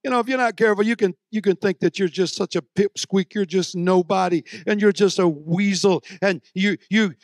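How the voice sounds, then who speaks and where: A man preaching a sermon, moving between soft, low storytelling and loud, shouted exhortation. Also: moderate pace, few pauses, no room sound, studio quality.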